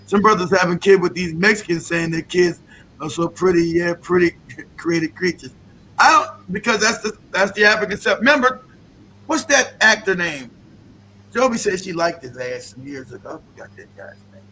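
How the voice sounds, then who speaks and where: A man with a high, sharp and forceful voice, hosting a loose, profane rant. He mocks freely and breaks into laughter often. A faint hiss sits under his voice. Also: animated, normal speed, low-quality recording. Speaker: podcast host. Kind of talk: casual rant.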